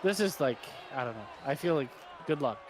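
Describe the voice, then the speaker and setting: A man in the middle of relaxed gaming banter, opinionated and quick to laugh, swearing as he talks. His voice sits at an ordinary middle pitch, and clear background noise runs under everything he says. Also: crowd noise. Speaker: co-host, gamer. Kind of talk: casual banter over gameplay.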